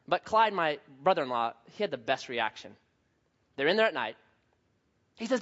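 A man with a high voice preaching a sermon in a church hall. He tells stories in an animated way, acting out voices and sound effects. The recording sounds slightly dull and muffled. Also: normal speed, long pauses. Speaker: pastor. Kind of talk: sermon with storytelling.

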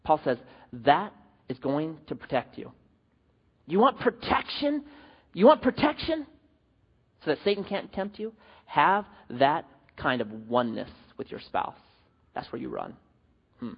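Husky guy preaching, tells a story then hits you w questions, kinda dull sound in a big echoey hall. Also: medium pitch, unhurried, pauses often. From US West Coast. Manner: animated storytelling, rhetorical questions. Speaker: pastor. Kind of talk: sermon with personal story.

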